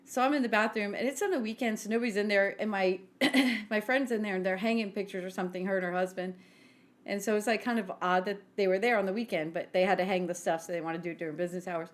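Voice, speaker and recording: A woman co-hosting a podcast, telling self-mocking stories in an animated casual chat. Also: mid-range voice, quick pace. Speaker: podcast co-host.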